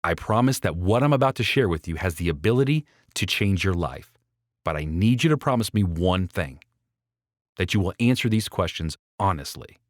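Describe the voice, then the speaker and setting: A man's voice: sits low, expressive, moderate pace, no room sound, clean studio sound. A man reading his own book aloud as an audiobook, persuasive and speaking straight to the listener. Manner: persuasive, addresses the listener directly. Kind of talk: audiobook narration.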